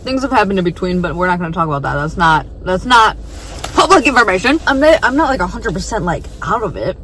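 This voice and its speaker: A young woman in a parked car talks into her phone camera and tells a story in casual vlog fashion. She rambles, keeps adding asides and fillers, and makes fun of herself as she goes. Her voice sits at a middle pitch. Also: very animated, fast talker, fairly bright tone, slight background noise, low-quality recording. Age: young adult. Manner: rambling, self-deprecating, with frequent fillers. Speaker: vlogger.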